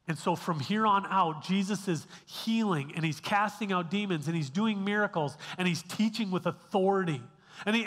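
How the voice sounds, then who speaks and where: A man's voice: sits high, a bit bright, in a large hall. A male pastor giving a sermon in a casual, conversational way, often restarting phrases and checking in with the congregation. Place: church sanctuary.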